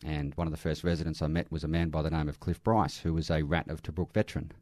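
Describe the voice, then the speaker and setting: A man's voice: extremely low pitch, steady tone, fast talker, darkish tone, dry recording. A middle-aged Australian man, an army veteran working in aged care, telling earnest stories in an interview with restarts. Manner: earnest, anecdotal, with frequent restarts and light laughs. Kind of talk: conversational interview storytelling.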